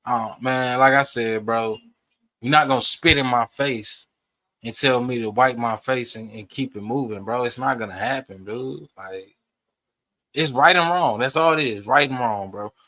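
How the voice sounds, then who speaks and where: Young male streamer, bright and forceful tone, confrontational and profane reaction rant. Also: mid-range voice, moderate pace. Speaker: streamer reacting to a debate clip.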